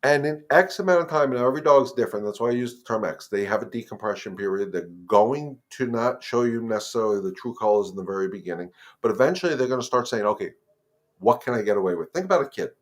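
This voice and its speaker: A man's voice: mid-range voice, animated, fast talker, few pauses. A man hosting a live dog-training Q&A, talking casually and directly to viewers, repeating words and turning firm and emphatic on the rules. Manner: conversational, repeats words, addresses viewers as guys. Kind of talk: casual live-stream advice.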